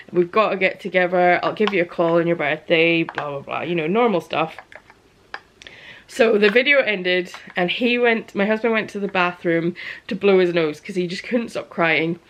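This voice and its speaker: A woman, chatting casually to camera in her small business vlog, animated and laughing as she tells a story. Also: medium pitch. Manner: animated storyteller, acts out quotes, laughs often.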